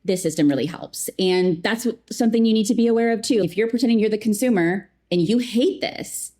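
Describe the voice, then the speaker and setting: Here the customer experience professional talks brisk and medium-pitched, relaxed in her role as an interview guest, animatedly voicing snippets of quotes.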